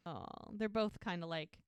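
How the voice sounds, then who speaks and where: A woman's voice: medium pitch, clear, resonant tone, no echo, lo-fi sound. A woman co-hosting a podcast, casually recapping a TV episode and retelling each scene while quoting the characters. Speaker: podcast co-host.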